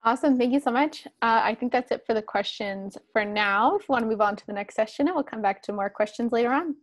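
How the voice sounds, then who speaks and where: A woman moderating an online session, quick and friendly. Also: a little high.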